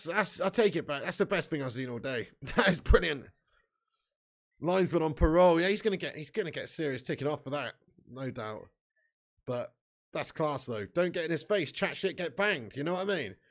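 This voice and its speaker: A man hosting a live football watch-along. He reads chat comments aloud and talks in a casual, sweary way. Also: a little high. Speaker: fan channel host.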